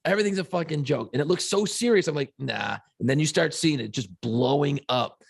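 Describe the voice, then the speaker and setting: A man's voice: on the high side, a little fast, gravelly, husky, no room sound, clean studio sound. A middle-aged man co-hosting a podcast, telling an emotional story with plenty of swearing and quoted reactions. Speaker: podcast co-host and radio host. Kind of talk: casual podcast chat.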